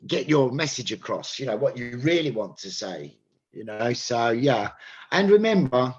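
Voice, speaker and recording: A man's voice: mid-range voice, sing-song, moderate pace, husky, muffled recording. A man with an English accent teaching an English lesson, patiently explaining and demonstrating how sentence stress changes.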